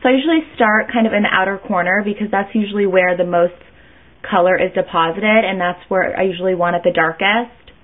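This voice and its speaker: A woman's voice: medium pitch, brisk. A woman chatting her way through a makeup tutorial, rambling and interrupting herself as she goes. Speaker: beauty vlogger. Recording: tinny phone-like sound.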